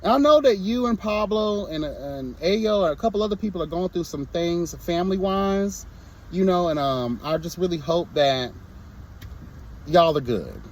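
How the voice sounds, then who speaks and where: Young man, sassy vlog rant, blunt and theatrical, high lively voice. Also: moderate pace. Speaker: reality show reviewer.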